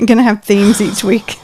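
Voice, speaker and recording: A woman's voice: mid-range voice, fairly even intonation, a little slow, a little mellow, slightly rough. Supportive woman podcast host. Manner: supportive, affirming, laughs often. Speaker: trauma therapist, podcast host. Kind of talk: casual podcast chat.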